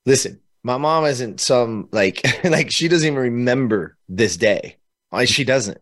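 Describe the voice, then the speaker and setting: A man from California telling an emotional personal story as a podcast guest, animated and laughing between phrases. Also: medium pitch, unhurried.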